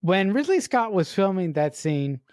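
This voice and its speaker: A woman's voice: mid-range voice, big pitch swings, measured pace, a little mellow, no room sound. Woman podcast co-host, emphatic ranter who swears for punch, dry close sound. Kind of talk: casual film review chat.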